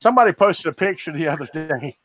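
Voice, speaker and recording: A man's voice: on the high side, expressive, quick pace, fairly bright tone, no echo. A man from Florida with a Southern accent, co-hosting a livestream in casual, teasing, rambling chat. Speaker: co-host of a livestream.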